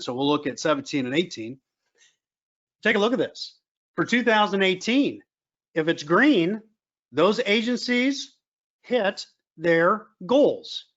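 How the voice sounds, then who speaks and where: A man with a high voice runs a business training session, hammering home his points and often stopping to add "okay?" The audio is muffled and lo-fi, like a recorded webinar. His delivery stays lively and emphatic throughout. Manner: emphatic, repeats key points, frequent fillers. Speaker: government contracting trainer.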